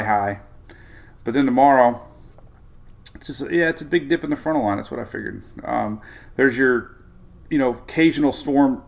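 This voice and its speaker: A man's voice: medium pitch, creaky. A man hosting a casual weather live stream, rambling and chuckling as he talks through maps. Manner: rambling, chuckling, self-interrupting.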